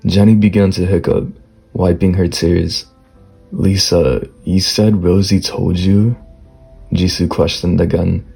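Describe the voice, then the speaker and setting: A man with a deep, husky voice reading a fan fiction story slowly in a whispered role-play style, stammering through the dialogue. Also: little pitch movement, faint music behind. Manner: slow, low soft storytelling with stammered dialogue.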